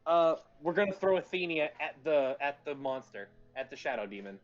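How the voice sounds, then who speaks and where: A man's voice: fairly high pitch, sing-song, a little fast. A man chatting as a player in a tabletop game, joking and swearing freely. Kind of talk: casual tabletop game chat. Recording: dull lo-fi sound with faint music.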